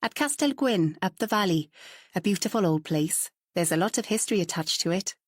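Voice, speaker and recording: A woman's voice: mid-range voice, expressive, fairly quick, no echo, studio quality, lightly acted. A woman voicing a curious, outspoken woman painter who talks in a chatty, forthright way, in a storybook reading.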